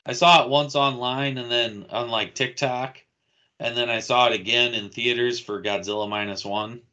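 A man with a bright, sharp-edged voice riffs on movie trailers with his friends. He is sardonic and casual and swears freely. His pitch is ordinary. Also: steady tone, moderate pace. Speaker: podcast co-host. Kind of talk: casual group chat about movies.

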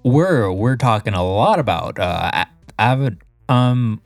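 A man's voice: medium pitch, very animated, measured pace, vocal fry, dry recording, soft background music. A man co-hosting a casual podcast, rambling and stumbling over his words. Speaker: podcast co-host. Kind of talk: casual chat.

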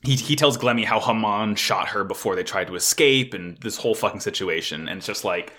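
A man co-hosting a casual podcast, recapping an anime episode in an animated way, swearing often and filling with "like". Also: fairly low pitch, a little fast. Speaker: podcast co-host.

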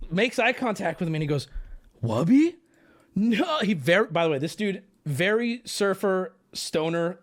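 A man hosting a livestream, telling a story to chat in a casual, animated way, swearing and breaking into yelling. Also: sits high. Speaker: livestream host.

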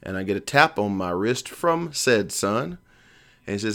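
A man's voice: lowish voice, lively intonation, moderate pace, pushed and bright. A man in his thirties hosting a casual podcast, rambling and joking with plenty of ums. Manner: rambling, jokey, lots of ums. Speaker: podcast host.

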